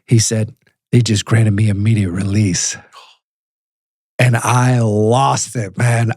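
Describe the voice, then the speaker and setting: A middle-aged man with a husky voice speaks in an interview and tells his story with lively energy. He acts out the people in it, and the sound is dry and close. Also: fairly low pitch, slow, pauses often, no echo. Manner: animated storyteller who acts out phone calls. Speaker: guest, prisoner advocate.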